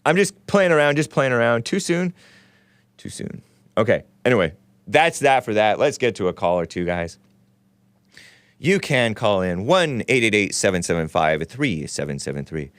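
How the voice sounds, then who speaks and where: A man's voice: fairly low pitch, big pitch swings, moderate pace, a bit bright, clean tone, no room sound. A man hosting a casual call-in talk show, rambling and sarcastic, reading news aloud with his own running commentary and stumbling over names.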